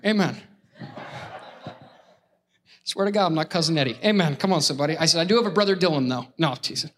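High-voiced, animated male preacher. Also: fast talker, long pauses. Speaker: pastor. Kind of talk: lively sermon with crowd call-outs.

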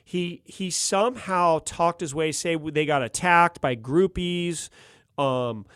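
A man's voice: on the high side, slow, clear, resonant tone, dry recording, clean studio sound. A middle-aged man telling a wild story in casual, slangy chat, laughing often. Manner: laughs often, animated, slangy ("dude", "gnarly").

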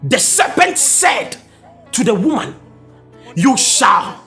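A man preaching a sermon with impassioned, sing-song delivery, often rising to a shout. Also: very high-pitched, big pitch swings, takes it slowly, creaky, soft background music.

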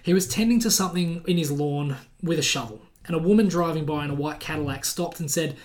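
A man co-hosting a sports podcast, with a voice that sits a little high for a man. He tells his stories in an animated, chatty way and laughs easily. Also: quick pace, few pauses. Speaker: podcast co-host. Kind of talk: casual sports chat.

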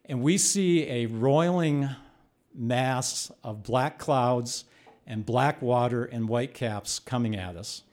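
An older man telling a personal story on stage, animated and building to loud bursts as he relives the chaos. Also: mid-range voice, slow. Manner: animated, rising to shouts when reliving the chaos.

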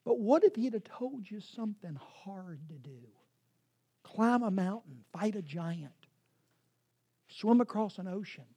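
Woman preacher, breathy and warm, sermon storyteller. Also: mid-range voice, animated, measured pace. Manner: storytelling, swinging from loud to hushed whispers.

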